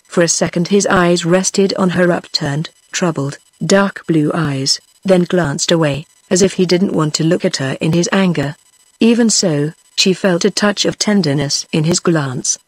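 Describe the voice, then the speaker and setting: A synthetic woman's voice with a British English accent, narrating an audiobook in an even, flat delivery. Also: on the low side, breathy edge, no room sound. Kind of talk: text-to-speech book reading.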